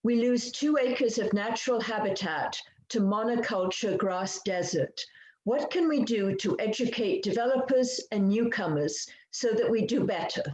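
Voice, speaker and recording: A woman interviewer on a video call, asking questions in a measured, earnest way. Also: on the high side, darkish tone. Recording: echoey room sound.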